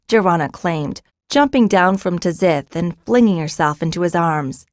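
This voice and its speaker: A woman's voice: on the low side, unhurried, no echo, clean studio sound. Woman narrating a fantasy audiobook. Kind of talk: scripted narration.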